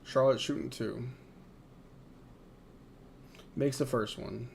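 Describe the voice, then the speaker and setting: A man's voice: mid-range voice, fairly even intonation, moderate pace, creaky, a little mellow, a little hiss or hum. A young man hosting a live watch-along, calling the plays in a tired, yawning way and answering viewer chat. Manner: tired, yawning, drowsy play-by-play; reads viewer chat aloud and replies. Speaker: live stream host.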